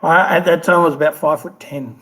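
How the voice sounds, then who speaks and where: A man in his fifties with an Australian accent, telling stories in a relaxed interview with lots of fillers and restarts. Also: fairly high pitch, a little fast, low-quality recording. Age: 50s. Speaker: guest, former Olympic swimmer. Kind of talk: casual interview storytelling.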